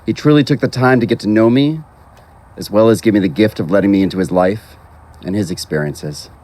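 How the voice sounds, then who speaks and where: A low-voiced man officiates at an outdoor graveside. He reads a formal eulogy at a measured, unhurried pace, his delivery steady and composed. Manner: measured, formal, reading from a text. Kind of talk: prepared eulogy.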